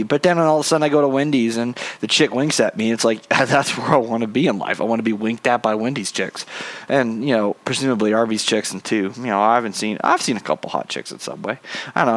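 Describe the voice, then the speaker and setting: A young man hosting his own show, talking in a loose, rambling monologue full of casual swearing and self-mocking asides. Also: medium pitch. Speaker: podcast host.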